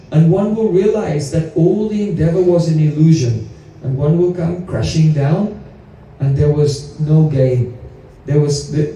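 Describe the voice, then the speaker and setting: A man with a high-pitched, mellow voice gives a devotional lecture as a spiritual teacher, using stories and rhetorical questions. He's recorded from a distance in a very echoey room.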